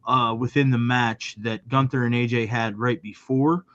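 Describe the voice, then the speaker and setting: A man speaks at an average pitch in an easygoing podcast chat. He moves through his points steadily and leans on filler words. His remote mic sounds a bit dull and lo-fi. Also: steady tone, fairly bright tone. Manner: measured, many fillers. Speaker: podcast co-host. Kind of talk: casual chat.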